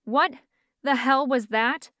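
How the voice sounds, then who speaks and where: A woman's voice: fairly high pitch, lively intonation, moderate pace, a bit bright, dry recording, clean studio sound. A woman narrator voicing an indignant, hot-tempered young witch who talks back sharply in an audiobook. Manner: indignant, spluttering.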